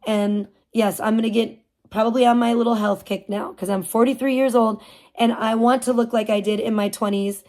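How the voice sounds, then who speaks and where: A woman's voice: fairly high pitch, moderate pace. Rambling woman in her forties. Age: 40s. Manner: rambling, animated retelling with frequent "like". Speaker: live streamer. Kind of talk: casual storytelling.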